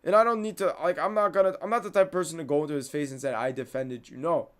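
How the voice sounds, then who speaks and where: A man's voice: sits high, very fast, fairly bright tone, smooth. A young man hosting a podcast, venting in a casual monologue, heated and repeating himself. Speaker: podcast host.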